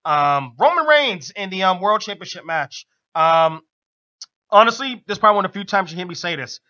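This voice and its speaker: High, bright-voiced excited man. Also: fairly quick, muffled recording. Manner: excited, laughing, acts out quotes in loud high voice. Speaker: radio show co-host. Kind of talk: casual wrestling recap chat.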